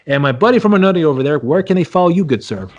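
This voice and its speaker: A man's voice: on the high side, expressive, rapid-fire, dull audio. A man co-hosting a casual movie review chat, rambling and repeating himself as he talks. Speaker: podcast co-host.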